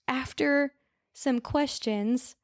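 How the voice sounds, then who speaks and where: Chatty woman with a gravelly voice. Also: sits high, very slow, no room sound, studio quality. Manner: chatty, mixes up names and corrects herself. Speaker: podcast co-host. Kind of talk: casual true-crime storytelling.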